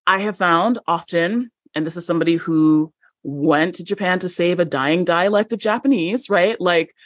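A woman guest on a podcast, telling a story in an animated, chatty way with many fillers and laughs. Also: on the low side, normal speed, dry recording, clean studio sound. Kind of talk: conversational storytelling.

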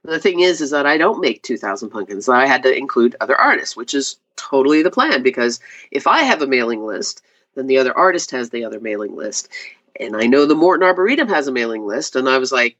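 A woman talks about her craft in a loose, chatty way. She jumps up high in pitch whenever she acts out what people said. The audio is a little dull and lo-fi. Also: very animated, quick pace, fairly bright tone. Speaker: glass artist guest. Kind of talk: casual interview storytelling.

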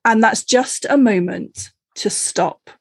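A chatty woman hosting a podcast, from Cornwall, talking in a loose conversational way with frequent laughs. Her voice is a little husky and the sound is dry and close. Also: on the high side, slow pace, no room sound. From Cornwall, England. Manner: chatty, laughs often, many fillers. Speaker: podcast host. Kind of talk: casual conversational interview.

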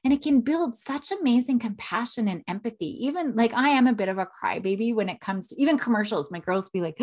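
A woman's voice: fairly high pitch, lively intonation, a little fast, few pauses, darkish tone. Earnest woman hosting a parenting podcast. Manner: earnest, repeats "right?" often. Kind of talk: solo podcast talk.

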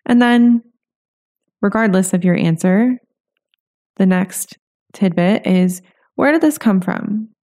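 A woman's voice: fairly low pitch, vocal fry, warm tone. A woman hosting a solo podcast as a coach, talking in a loose, encouraging way with lots of "you know" and "like".

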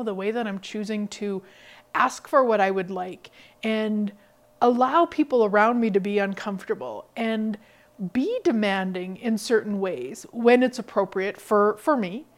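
A woman hosting a podcast, giving an energetic, emphatic motivational talk. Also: mid-range voice. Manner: energetic, emphatic, laughs often. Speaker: podcast host.

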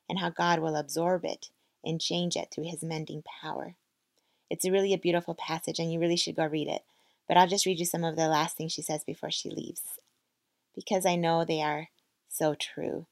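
Woman podcast host, heartfelt book reader, low pitch, dry sound. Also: level tone, fairly quick, gravelly, no echo. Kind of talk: book reading and narration.

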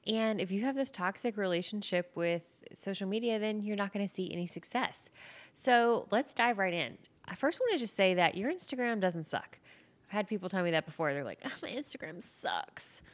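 A young woman hosts her solo podcast from the floor of her living room. Her voice sits a little low, and she talks in a lively, chatty way. She laughs at her own slips as she goes. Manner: chatty and animated, laughs at herself. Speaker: podcast host. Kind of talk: casual solo podcast monologue.

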